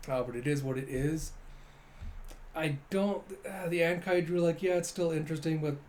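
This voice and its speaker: A man casually reading through a comic chapter and giving animated commentary, with quick asides. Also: fairly high pitch. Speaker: comic reader and reviewer.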